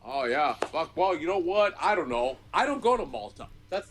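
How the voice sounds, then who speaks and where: Man, high voice, very animated pitch, drinking, loud profane rambling rant. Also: moderate pace, hardly any pauses, very noisy. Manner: loud, swearing nonstop, rambling. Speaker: regular guest.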